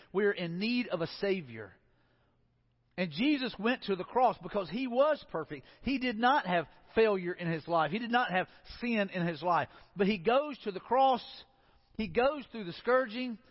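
A man preaching a sermon as pastor to his congregation, earnest, sometimes dropping low and soft for emphasis. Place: church sanctuary. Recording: dull sound with long hall reverb.

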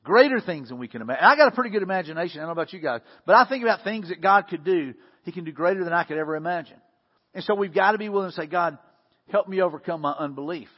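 A man's voice: sits high, expressive, rapid-fire, breathy edge. A male pastor preaching a conversational sermon, often repeating words and building force when he acts out prayers. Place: church sanctuary. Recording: dull lo-fi sound with long hall reverb.

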